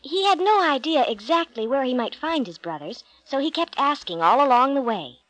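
A woman with a fairly high voice reads a Bible storybook aloud in a gentle, clear way. The recording is dry and close, with no room sound. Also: expressive, normal speed, no echo, low-quality recording. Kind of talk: storybook narration.

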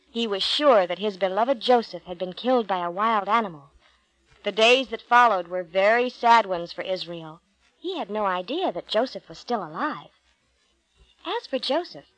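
A woman with a fairly high voice reads a Bible storybook aloud in a gentle, clear way. The recording is dry and close, with no room sound. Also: no echo, poor audio. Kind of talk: storybook narration.

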